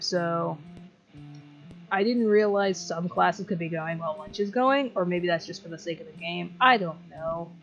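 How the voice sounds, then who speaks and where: A woman chatting casually over a game, with chatty, self-deprecating asides. Her voice sits a bit low, and the recording is dull and lo-fi with faint music behind. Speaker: let's play host. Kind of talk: casual gameplay commentary.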